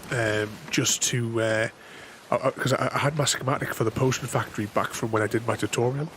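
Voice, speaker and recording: A man's voice: medium pitch, brisk. A man giving casual, rambling gameplay commentary as a channel host, often restarting his sentences and chuckling to himself. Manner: rambling, self-interrupting, chuckling. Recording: voice over steady game noise.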